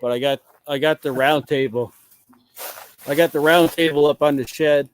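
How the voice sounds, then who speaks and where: A man talking haltingly with restarts in a casual group chat. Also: a little high, fairly even intonation, clean tone, no room sound, low-quality recording.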